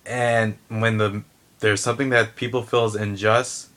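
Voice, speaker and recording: Man, low voice, tense forceful edge, heated blunt vlog rant, swearing. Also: little pitch movement, a little slow. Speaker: vlogger. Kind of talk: opinion rant to camera.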